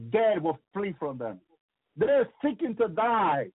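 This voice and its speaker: Husky and very animated, this high-voiced radio preacher moves at a moderate pace. Passionately recounting his visions, he keeps breaking into hallelujahs and echoing his own words. The recording is dry, with a tinny, phone-like radio sound.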